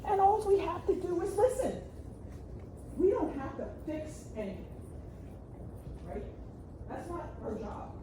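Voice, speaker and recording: A middle-aged woman leads a conference workshop on grief, her voice warm and mellow but swinging widely in pitch. She talks in a chatty, lively way, laughing and tossing "right?" to the room. A faint hum of room noise sits under her. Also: unhurried, pauses often. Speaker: grief counselor presenter.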